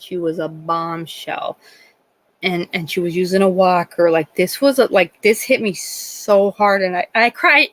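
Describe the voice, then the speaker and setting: A woman's voice: medium pitch, fairly bright tone, rough recording. A middle-aged woman with a northeastern Pennsylvania accent, chatting on a live stream in an emotional, rambling way, full of restarts. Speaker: livestream host. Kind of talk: casual live-stream chat.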